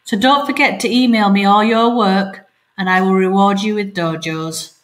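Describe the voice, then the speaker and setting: A primary school teacher reading a story aloud in a remote lesson, speaking clearly and asking pupils questions. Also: female voice, mid-range voice, fairly even intonation, moderate pace.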